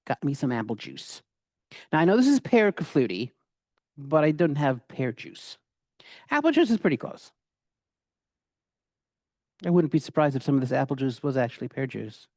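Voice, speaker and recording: A man's voice: mid-range voice, expressive, brisk, darkish tone, no echo, studio quality. A middle-aged man giving a casual, rambling cooking demonstration, with many fillers and restarts. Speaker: cooking instructor.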